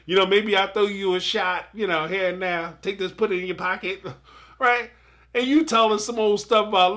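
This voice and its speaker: Man, live show host, casual reality-TV commentary, animated, bright tone, a bit higher voice. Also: moderate pace. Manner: animated, talks to the audience directly, laughs often.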